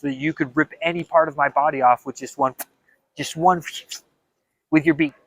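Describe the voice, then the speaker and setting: A young man talking in a casual vlog monologue, animated and dramatic, with frequent stammered restarts. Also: fairly high pitch, normal speed, vocal fry, no room sound. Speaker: vlogger.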